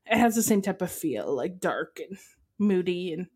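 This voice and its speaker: A woman's voice: lowish voice, big pitch swings, moderate pace, a little mellow, slightly rough. A woman from Canada, co-hosting a podcast, describing a place in casual chat with enthusiasm and frequent ums. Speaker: podcast co-host.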